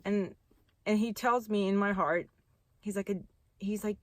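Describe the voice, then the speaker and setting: A woman's voice: medium pitch, steady tone, moderate pace, no room sound. Earnest, heartfelt woman, dry close sound. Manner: earnest, heartfelt, rambling with restarts. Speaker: vlogger sharing a faith testimony. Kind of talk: casual storytime testimony.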